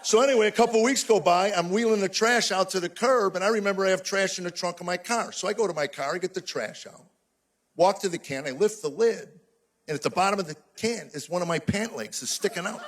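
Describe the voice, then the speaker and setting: A man's voice: sits high, fast talker. A man in his sixties doing a stand-up routine on a live stage, telling exasperated stories with punchy mock outrage. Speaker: stand-up comedian.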